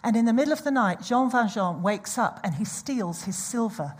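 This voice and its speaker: A woman delivers a sermon in an animated storytelling manner. She often breaks off to speak straight to the congregation. Her voice sits fairly high and has a husky, breathy edge. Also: normal speed. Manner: animated storytelling with audience asides. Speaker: preacher.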